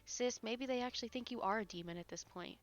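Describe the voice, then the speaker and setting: A woman's voice: a little high, fast, no echo, dull audio. A woman livestreamer chatting casually with her chat, teasing and swearing while she rambles.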